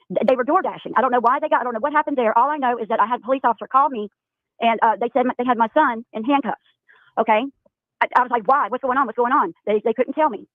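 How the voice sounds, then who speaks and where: A woman calling in by phone, telling an upsetting story in a halting, tearful way. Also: on the high side, dry recording. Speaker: caller. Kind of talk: emotional phone call on a livestream. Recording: tinny phone line.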